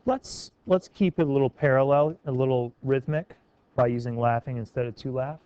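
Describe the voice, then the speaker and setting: A man's voice: medium pitch, normal speed, mellow, clean tone, no echo. Man teaching a classroom, dull recording. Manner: encouraging, questioning students by name.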